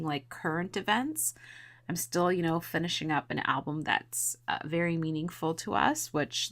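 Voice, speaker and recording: A chatty woman in her thirties talks viewers through her scrapbooking in a low, just-woke-up morning voice. She rambles happily through asides and laughs easily, keeping things casual and upbeat. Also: creaky, fairly bright tone. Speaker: scrapbooking video host. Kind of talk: casual chat to viewers while crafting.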